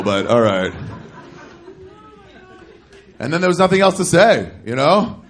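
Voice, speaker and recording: Gravelly-voiced man telling a stand-up story. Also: on the high side, moderate pace, pauses often, crowd noise, background noise. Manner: animated, acts out both sides of phone calls in raised voices. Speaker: stand-up comedian. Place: comedy club stage. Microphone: handheld stage mic.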